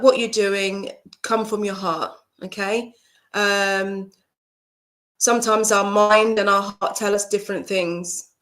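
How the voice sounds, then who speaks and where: Bright-voiced woman giving live card readings. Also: medium pitch. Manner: warm greetings to viewers, flowing spiritual explanation. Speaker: psychic card reader. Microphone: video call setup.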